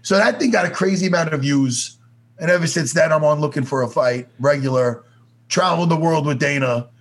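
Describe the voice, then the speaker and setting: A man's voice: on the high side, brisk. A man telling stories as a guest in a casual interview, swearing freely and acting out other people's voices. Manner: animated, swears freely, acts out voices in anecdotes. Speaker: podcast guest. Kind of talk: casual storytelling.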